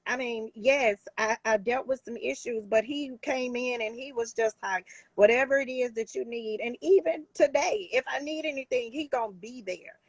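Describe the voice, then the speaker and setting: A woman's voice: a little high, moderate pace, husky, no echo. A woman life coach talking in a casual talk show, emphatic and heartfelt, with many restarts.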